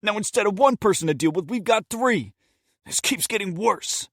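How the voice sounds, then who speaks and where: A man voicing a furious teen robber, high and loud. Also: sing-song, slow pace, no echo, studio quality, full character voice. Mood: angry shouting. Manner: shouting, cursing, bossy. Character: angry panicking teenage male robber.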